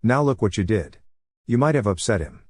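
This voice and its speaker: A man's voice: lowish voice, lively intonation, normal speed, breathy edge, dry recording, clean studio sound. A man reading a shy, lovestruck young girl. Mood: nervous.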